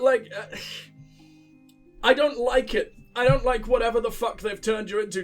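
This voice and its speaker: A sick man with a headset, mocking the game in sweary let's play commentary and laughing at his own jokes. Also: sits high. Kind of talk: casual gameplay commentary.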